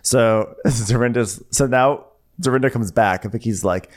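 A comedy podcast co-host in a middle-pitched voice, riffing casually on a reality show. The delivery is quick and jokey, with frequent laughter and asides. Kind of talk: casual comedic recap chat.

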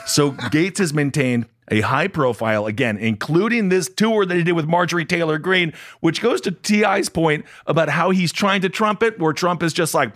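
A man co-hosting a podcast, delivering animated, sarcastic political commentary, moving between loud jabs and low asides. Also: normal speed, no echo, clean studio sound. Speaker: podcast co-host.

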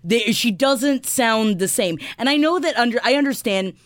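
A woman's voice: fairly high pitch, expressive, normal speed, no room sound. A woman with a Florida accent co-hosting a podcast, chatting casually and teasing the others. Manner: teasing, talks about voice registers. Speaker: podcast co-host. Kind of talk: casual comedic chat.

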